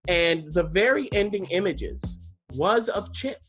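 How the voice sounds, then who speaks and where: A man's voice: high voice, big pitch swings, a little slow, a bit bright, faint music behind. A man co-hosting a podcast, chatting enthusiastically through a TV show review with plenty of restarts and asides. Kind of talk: casual TV review chat.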